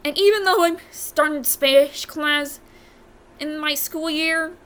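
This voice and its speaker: Her voice is high and a bit bright, and she talks at a slow pace. A young woman from the US, she reviews a video with casual rankings, sounding blunt and fed up while repeatedly correcting her own words.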